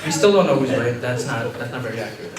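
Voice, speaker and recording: A man's voice: medium pitch, animated, fast talker. A young man doing an open mic stand-up set, rambling with fillers and laughing at his own jokes, recorded by a far camera in a campus restaurant. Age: young adult. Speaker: stand-up comedian. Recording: echoey room, far camera, background noise.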